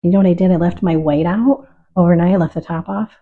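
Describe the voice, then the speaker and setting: Calm, husky middle-aged woman. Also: lowish voice, fast talker, narrow, tinny audio. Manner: calm, reflective, openly emotional. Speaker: painter. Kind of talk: casual talk while painting.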